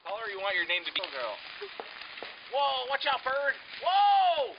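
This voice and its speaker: A gravelly man with a swooping voice throws out wisecracks from away from the camera. The recording is dull and lo-fi, with steady outdoor noise behind him. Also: very high voice, moderate pace. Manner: wisecracking, offhand. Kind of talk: casual banter. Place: outdoors at night during fireworks. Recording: lo-fi camera audio, off-mic, noisy.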